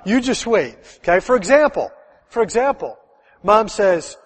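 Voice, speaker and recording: Animated preacher in an echoing hall. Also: male voice, high voice, moderate pace. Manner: animated, conversational preaching with rhetorical questions. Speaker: pastor. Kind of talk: sermon.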